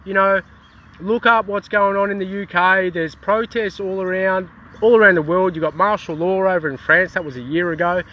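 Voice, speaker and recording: A man's voice: high voice, steady tone, moderate pace, lo-fi sound. Heated Australian man ranting outdoors. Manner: heated, swearing, many restarts. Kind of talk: casual outdoor rant to camera.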